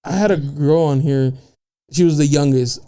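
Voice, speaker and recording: A woman hosts a podcast in an easygoing, slangy manner. Her voice is very low for a woman, and its tone is dark and mellow. She fills her talk with casual fillers. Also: moderate pace. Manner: laid-back, slangy, full of fillers. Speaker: podcast host. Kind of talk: casual chat.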